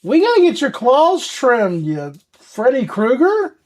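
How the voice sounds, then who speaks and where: Woman, livestream host, casual chat, unhurried, playful. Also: high voice, huge pitch swings, a little mellow. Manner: playful, talks to her dog and thanks viewers.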